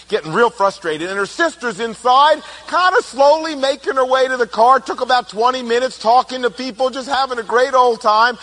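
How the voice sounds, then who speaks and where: A middle-aged man giving a humorous, animated talk, telling family stories and acting out quotes. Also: extremely high pitch. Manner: animated storytelling, playful, acts out quotes. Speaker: speaker on personality types.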